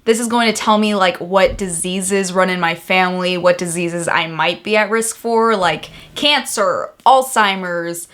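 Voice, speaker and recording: A young woman from the United States talking candidly to camera in a casual vlog, excitable and swearing freely. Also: lowish voice, a little slow, few pauses. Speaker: vlogger.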